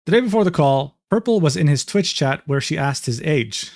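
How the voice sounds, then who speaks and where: A man's voice: a little high, animated, fairly quick, darkish tone, no echo, clean studio sound. A man streaming and reading private messages aloud, talking casually, swearing freely and laughing often.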